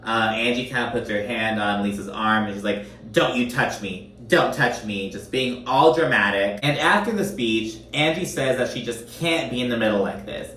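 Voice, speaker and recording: A man's voice: medium pitch, normal speed, few pauses, bright, forceful tone, echoey room, far from the mic, slight background noise. A man giving a casual recap commentary, swearing often in a sassy, exasperated rant. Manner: profane, sassy, exasperated ranting.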